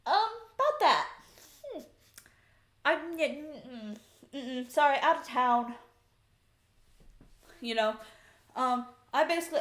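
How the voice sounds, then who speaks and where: A woman streamer telling a story in a casual, exasperated, animated way from her room at home. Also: high voice, slow, pauses often. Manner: chatty, exasperated, animated retelling. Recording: echoey room.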